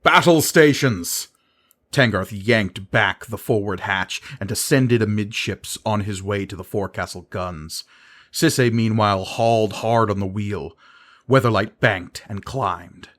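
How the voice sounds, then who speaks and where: A man narrating a fantasy audiobook in a measured, dramatic reading style. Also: fairly low pitch, fairly even intonation, a bit bright.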